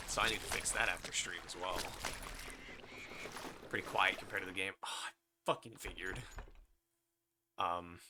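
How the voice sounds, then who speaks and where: A man's voice: deep voice, background noise. A young man casually commenting on a game to his chat, joking and swearing. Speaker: streamer. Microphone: headset.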